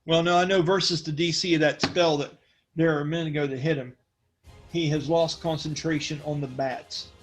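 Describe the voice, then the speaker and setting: A man's voice: fairly high pitch, fairly even intonation, moderate pace, faint music behind, low-quality recording. A man running a tabletop role-playing game as game master, narrating scenes in a loose, joking way. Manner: loose and joking, with frequent fillers.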